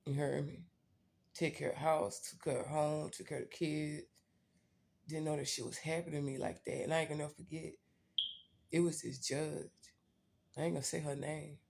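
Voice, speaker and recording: A woman's voice: low voice, steady tone, normal speed, gravelly, long pauses, a little mellow, a little hiss or hum. A woman vlogger telling a personal story in a blunt, profane, candid way, talking straight to her viewers.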